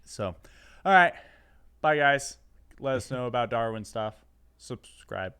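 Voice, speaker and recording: Brief: male podcast co-host, mid pitch, casual and excitable, trips over his words. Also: unhurried, smooth. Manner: excitable, rambling, many restarts. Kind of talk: casual chat.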